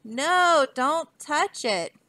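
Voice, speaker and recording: A woman's voice: high voice, lively intonation, unhurried, sharp tone, no echo, full character voice. A woman voicing an earnest, anxious page boy while reading a storybook aloud. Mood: urgent. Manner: urgent, pleading.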